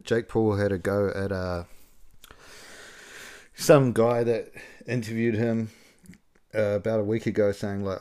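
A man's voice: lowish voice, steady tone, unhurried, warm tone. A man casually commenting on a video clip, laughing often and rambling with fillers. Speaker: reaction video host.

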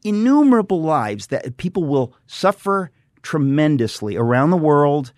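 A man's voice: on the high side, big pitch swings, measured pace, darkish tone, dry recording. A middle-aged man speaking as a guest in a radio studio, fervent and emphatic, often repeating and restarting phrases. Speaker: guest author and radio host. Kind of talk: impassioned studio conversation.

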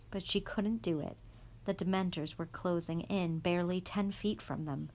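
A woman reading a chapter of a storybook aloud in a calm, even voice. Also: on the low side, normal speed. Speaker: guest reader.

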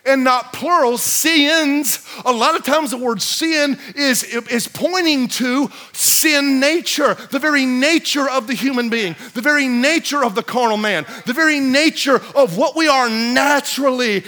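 A man preaching a sermon, shouting repeated refrains, then dropping to a low hush to read scripture in old biblical wording. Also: measured pace, few pauses.

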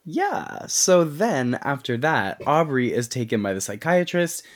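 A man chatting about a film on a podcast, animated and wry, quick to laugh. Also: a little high. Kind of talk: casual movie recap chat.

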